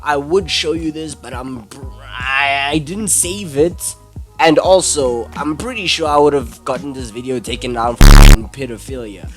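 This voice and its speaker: A man's voice: medium pitch, measured pace, over music. A young man giving an angry, exasperated, swearing commentary rant. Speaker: commentary YouTuber. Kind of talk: ranting video commentary.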